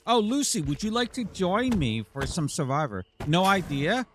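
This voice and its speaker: A man's voice: high voice, lively intonation, moderate pace, a little hiss or hum. Playful teasing male game streamer. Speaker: live-stream gamer host. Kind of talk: casual live-stream chat to viewers.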